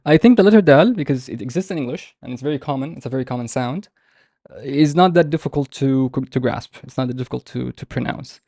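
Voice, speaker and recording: Gravelly-voiced man teaching a patient online class. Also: medium pitch, dark tone, dry recording, studio quality. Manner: patient, explains step by step with many pauses. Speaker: Arabic teacher.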